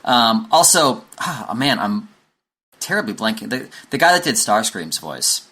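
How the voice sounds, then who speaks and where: A man co-hosting a casual podcast, talking enthusiastically but haltingly, with lots of fillers. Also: on the low side, big pitch swings, bright, forceful tone, breathy edge. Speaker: podcast co-host. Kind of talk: casual chat.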